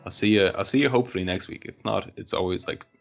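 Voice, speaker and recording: A man with a very low, gravelly voice hosts a casual podcast among friends. He rambles and fills pauses with ums and likes. Faint music sits under the talk. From Poland. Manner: rambling, many fillers. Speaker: podcast host. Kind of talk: casual chat.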